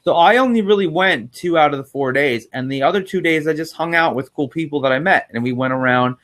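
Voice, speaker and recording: Casual livestream host, man, animated and rambling, slightly raised pitch. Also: fast talker. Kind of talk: casual chat.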